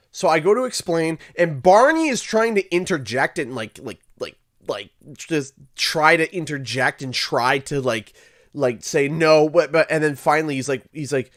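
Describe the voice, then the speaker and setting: A man from Canada tells a story on his livestream, acting out each character as he goes. His voice sits a little high and moves around a lot. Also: normal speed. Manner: animated, acts out quoted voices. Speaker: livestream host. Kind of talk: casual storytelling.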